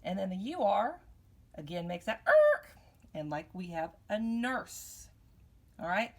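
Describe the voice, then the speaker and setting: Woman, teacher, phonics lesson for young kids, upbeat, coaxing questions, mid pitch, phone recording. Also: big pitch swings, measured pace. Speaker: elementary teacher.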